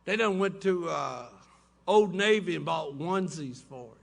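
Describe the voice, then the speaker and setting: High gravelly man telling stories. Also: lively intonation, unhurried. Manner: folksy storytelling with laughing asides. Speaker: recovery meeting speaker. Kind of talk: personal testimony talk. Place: hotel conference room.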